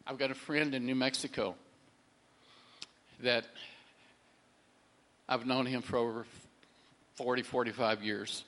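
A man's voice: medium pitch, steady tone, a little slow, long pauses, a bit bright. Rambling middle-aged man telling a faith story. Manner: rambling, repeats words, acts out quoted people. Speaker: storyteller sharing a faith testimony. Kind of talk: casual spoken testimony.

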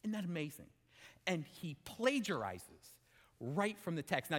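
A man preaching a sermon in an animated, emphatic way, often asking his listeners questions. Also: fairly high pitch, normal speed. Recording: long hall reverb.

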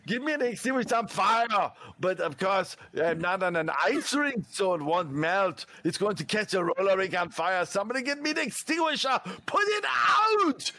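A man putting on a thick Austrian accent to play a blustering muscleman action hero who shouts in rising panic. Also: high-pitched, very animated, moderate pace, hardly any pauses, voice pushed up, full character voice. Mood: panicked shouting. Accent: put-on Austrian. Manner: bellowing, escalating panic.

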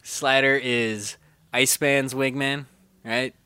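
Bright, crisp-voiced man in casual film chat. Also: medium pitch, no echo. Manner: animated, acts out movie scenes in quick impressions. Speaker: podcast co-host.

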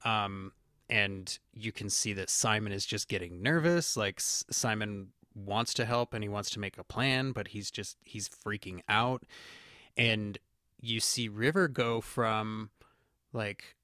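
Lively man hosting a casual chat. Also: lowish voice, takes it slowly, no room sound, studio quality. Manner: animated, laughs often, acts out quotes. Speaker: podcast host.

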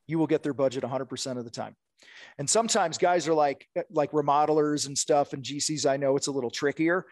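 A man's voice: on the high side, a little fast, no room sound. A man coaching contractors on sales in casual podcast talk, blunt and direct, acting out sales calls.

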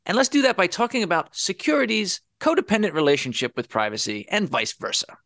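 A man hosting a podcast with a fairly high, very animated voice that leaps up and down. His delivery is wry and sarcastic. The sound is dry and close. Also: a little fast, no echo. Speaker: podcast host. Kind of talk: casual podcast chat.

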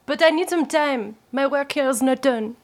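A woman's voice: sits high, moderate pace, close to an everyday voice. A woman playing a stubborn young noble heir who talks in a stiff, formal way.

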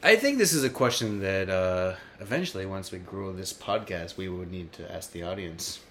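A man's voice: deep voice, lively intonation, moderate pace, fairly bright tone, a little hiss or hum. An American man hosting a casual comedy podcast, quizzing his co-host in a playful, mock-dramatic way. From United States.

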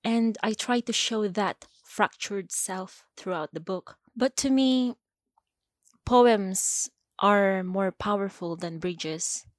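A woman poet speaks in an unhurried, deliberate cadence, letting each phrase settle before the next. Her voice sits in an ordinary middle register. The recording is close and dry, with no room sound. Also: medium pitch, no room sound. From Philippines. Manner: slow, measured, deliberate delivery. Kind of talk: poetry reading and interview answers.

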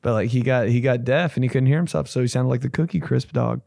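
Young male comic host, fry in the voice, dry studio sound, swears a lot and acts out the bits. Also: fast talker, a little mellow, no echo. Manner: profane, rambling, acts out voices with big pitch jumps. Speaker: comedian podcast host. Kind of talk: casual comedic storytelling.

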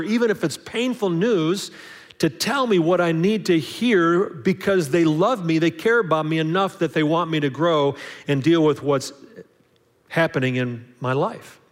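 A man's voice: a little high, in a large hall. A man preaching a sermon in a conversational way, acting out little dialogues and often restarting his sentences. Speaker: pastor.

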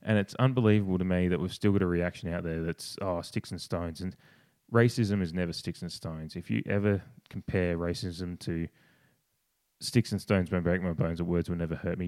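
Aussie bloke ranting on a podcast, deep voice, swears a lot, dry close sound. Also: male voice, a little mellow, dry recording. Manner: passionate, swears, restarts and mimics others in a higher voice. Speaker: podcast co-host. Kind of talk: casual opinionated podcast talk.

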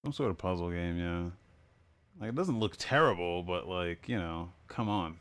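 A relaxed young man co-hosts a casual gaming podcast in a very deep voice. His tone is smooth and resonant. He laughs often and works his way through the news with easygoing restarts. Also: normal speed. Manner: relaxed, laughs often, many fillers and restarts while explaining. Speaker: podcast co-host.

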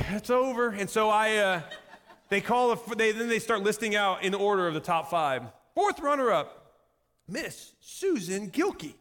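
A pastor telling a personal story in a sermon, animated and self-mocking, laughing often at himself. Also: male voice, sits high. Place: church sanctuary. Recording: echoey hall reverb.

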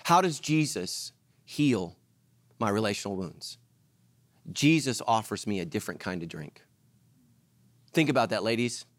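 Middle-aged male preacher, animated storyteller, very expressive pitch, dry close mic. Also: measured pace, long pauses, no room sound. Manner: animated storytelling, acts out voices. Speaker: pastor. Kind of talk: sermon.

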